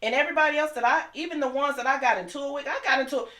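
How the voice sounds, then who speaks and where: A woman's voice: high voice, fairly bright tone. Middle-aged woman, aave, heated and emotional, voice bouncing round an echoey room. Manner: impassioned, talks fast and heated. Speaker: guest. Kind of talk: emotional personal storytelling.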